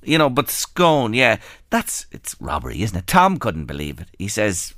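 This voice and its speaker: Irish radio host guy, bright voice, bouncy pitch, dry studio sound. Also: dry recording. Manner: chatty, animated, quick asides. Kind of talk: casual radio chat. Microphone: studio microphone.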